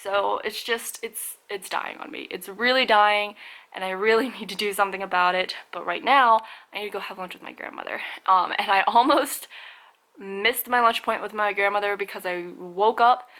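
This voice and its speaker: A woman's voice: mid-range voice, normal speed, sharp tone, rough recording. A young woman vlogging at home, rambling and chatty with lots of fillers. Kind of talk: casual vlog chat. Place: home and garage.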